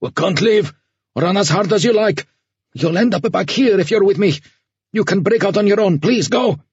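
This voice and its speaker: A man voicing a desperate young man who is trapped and doomed, pleading in a hoarse, low voice. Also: expressive, normal speed, dry recording, muffled recording, heavily acted. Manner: pleading, frantic.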